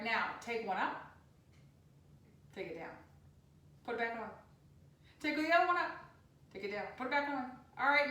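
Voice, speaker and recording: A woman teaching a yoga class for children, giving gentle sing-song instructions. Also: on the high side. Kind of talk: guided kids' yoga class. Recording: echoey room, distant mic.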